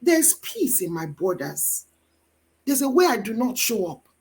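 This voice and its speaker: A woman's voice: fairly high pitch, big pitch swings, measured pace, a little mellow. A woman with a Nigerian accent giving a faith-based marriage teaching as guest mentor, with an emphatic, preacher-like delivery.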